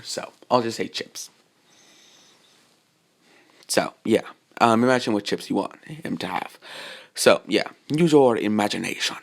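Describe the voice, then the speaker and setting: A man's voice: on the low side, animated, moderate pace, gravelly, pauses often. Rambling man telling a fan story. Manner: rambling, full of fillers and asides. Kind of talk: improvised fan-fiction narration.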